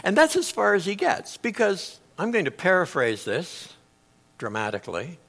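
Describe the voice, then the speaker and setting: A middle-aged male pastor preaches in a bright, forceful voice that sits high for a man, at a moderate pace. His storytelling is lively and conversational, with pitch leaping around as he acts out quotes. He swings widely in volume, from loud outbursts to near-hushed asides.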